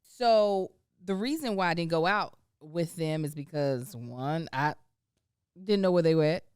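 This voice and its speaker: A woman hosts her podcast, running through sponsor reads in a loose, chatty way with playful asides. Her voice is smooth and clear, and it comes across dry and close to the mic. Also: sits low, unhurried, darkish tone, dry recording. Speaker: podcast host. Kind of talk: casual ad reads and chat.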